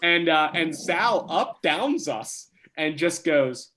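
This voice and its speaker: A young man from New Jersey, a podcast guest telling a casual story with lively, quick restarts. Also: fairly high pitch. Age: young adult.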